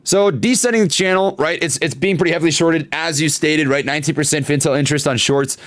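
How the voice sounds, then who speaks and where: A man hosting a casual stock market livestream, chatting with viewers and reading their comments, animated, with plenty of fillers and repeats. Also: a little high, quick pace, no room sound, clean studio sound. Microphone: desktop studio microphone.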